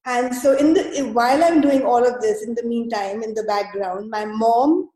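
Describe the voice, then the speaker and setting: A woman's voice: fairly high pitch, normal speed, mellow, roomy sound, rough recording. A woman guest telling her own story in an interview, hesitant and full of fillers and restarts. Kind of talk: conversational storytelling.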